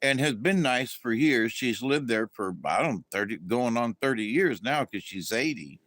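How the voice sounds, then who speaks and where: A man's voice: medium pitch, lively intonation, normal speed, fairly bright tone, dry recording. A middle-aged man from Florida, hosting a casual, meandering monologue full of fillers and restarts. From Florida, USA. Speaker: channel host.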